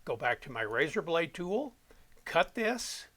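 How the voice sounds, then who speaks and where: A man's voice: a little high, sing-song, a little slow, a bit bright. A man explaining audio editing step by step, as an instructor walking students through a tutorial. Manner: plain step-by-step explaining, self-correcting.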